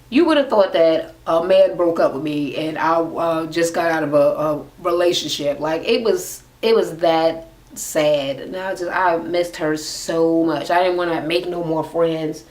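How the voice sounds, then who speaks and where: A woman's voice: fairly low pitch, measured pace. A young woman ranting casually and sassily as she recaps a reality TV episode, with plenty of swearing. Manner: sassy, profane, animated. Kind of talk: casual rant.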